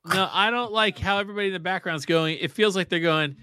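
A man's voice: sits high, quick pace, sharp tone, clean tone, no echo. A man co-hosting a casual chat, joking and self-deprecating, laughing often. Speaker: podcast co-host.

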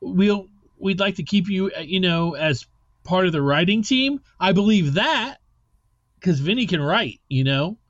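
A man's voice: high-pitched, expressive, a little slow, no echo, dull audio. A man hosting a rock podcast in loose, rambling casual chat, swearing now and then. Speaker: podcast host.

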